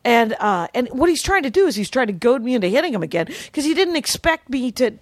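A woman with a high voice tells a story on her podcast, animatedly acting out each person she quotes. The sound is dry and close, with no room around it. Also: very animated, fast talker, no room sound. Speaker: podcast co-host. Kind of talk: casual storytelling chat. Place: podcast studio.

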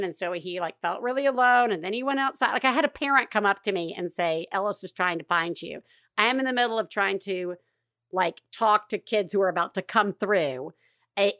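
A woman's voice: medium pitch, fairly bright tone, dry recording, studio quality. A middle-aged woman hosting a podcast, telling a rambling, self-deprecating story in casual chat and swearing freely. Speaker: podcast host.

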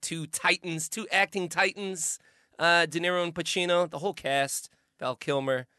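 A man's voice: on the high side, steady tone, moderate pace, sharp tone, clean tone, dry recording, studio quality. A man who is a stand-up comic and podcast co-host, laid-back and keen on a quiz panel. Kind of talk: casual banter on a quiz panel.

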